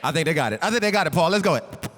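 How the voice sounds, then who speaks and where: High-voiced man rapping live over guitar. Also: animated, rapid-fire, big-room sound. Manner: hypes the crowd, call-and-response. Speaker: rapper performing live. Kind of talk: crowd banter and rapping. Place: live venue stage. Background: guitar and band music.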